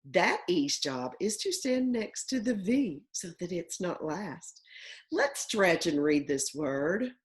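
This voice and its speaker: A woman teacher walks young children through a phonics lesson, spelling out letter patterns and stretching words. Her voice sits a little low and swings widely in pitch. She speaks very slowly and deliberately. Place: home.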